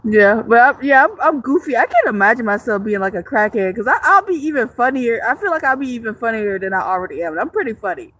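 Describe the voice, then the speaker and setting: A woman's voice: on the high side, sing-song, fast, few pauses, a bit bright. A woman live streamer chatting casually with viewers, joking and swearing freely, rambling with frequent restarts. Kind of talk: casual livestream chat reading viewer comments.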